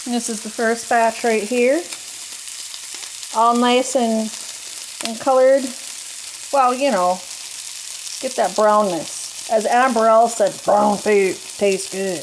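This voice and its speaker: A woman's voice: fairly high pitch, fairly even intonation, takes it slowly, long pauses, a little hiss or hum. A woman vlogger chatting casually to her phone camera while cooking in her home kitchen, folksy and easygoing.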